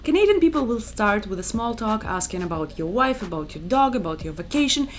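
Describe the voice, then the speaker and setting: A young woman with a Russian accent, a native Russian speaker, chatting to camera in a lively vlog. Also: mid-range voice, a little fast, faint music behind. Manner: chatty, animated, acts out quotes. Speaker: vlogger. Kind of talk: casual talk to camera.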